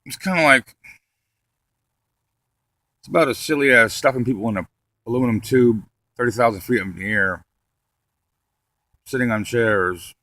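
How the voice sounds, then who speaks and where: Stand-up comedian, man, rambling deadpan delivery with plenty of cursing, bright tone. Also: mid-range voice, normal speed, pauses often, dry recording.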